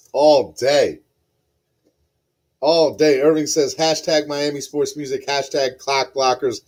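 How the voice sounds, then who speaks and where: A man hosting a live podcast stream, excitedly reading out chat messages and repeating himself. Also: mid-range voice. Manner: excitable, repeats phrases, reads chat aloud. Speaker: podcast host.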